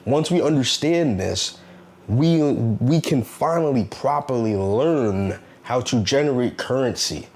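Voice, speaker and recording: A man's voice: medium pitch, lively intonation, measured pace, a little mellow. Earnest man giving a preachy talk. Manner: earnest, repetitive, preachy, with rhetorical questions. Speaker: self-help vlogger. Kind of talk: casual motivational talk.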